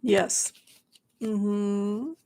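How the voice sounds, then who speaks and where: A bubbly woman chats her way through tarot readings for an online audience. Her talk is playful and warm-hearted, full of little asides and exclamations, set at a middling pitch. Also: fairly even intonation, very slow, very noisy. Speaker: tarot reader. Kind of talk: live-stream tarot readings for viewers.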